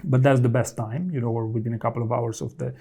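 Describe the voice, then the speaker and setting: A man's voice: medium pitch, steady tone, fast, dark tone, slightly rough. A man working as a career coach, talking straight to the viewer and giving direct, instructive advice. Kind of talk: advice talk to camera.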